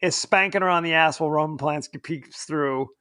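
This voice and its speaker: A man's voice: on the high side, fairly quick, sharp tone, clean tone, no room sound, clean studio sound. A man co-hosting a podcast, chatting casually and jokingly about a film, laughing often. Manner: joking, laughs often, puts on silly voices. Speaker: podcast co-host. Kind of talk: casual film review chat.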